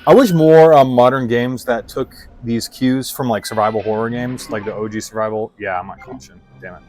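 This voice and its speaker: A man's voice: medium pitch, steady tone, moderate pace, darkish tone, soft background music, low-quality recording. A man giving casual, rambling gameplay commentary, swearing often and filling with "like". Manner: rambling, heavy swearing, lots of "like". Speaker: let's play streamer.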